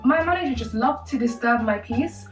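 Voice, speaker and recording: Getting ready on camera, a woman in her twenties chats through a casual story, sassy and quick to poke fun at herself. She speaks at a moderate pace in a slightly high voice. Faint background music, a distant mic and an echoey room shape the sound.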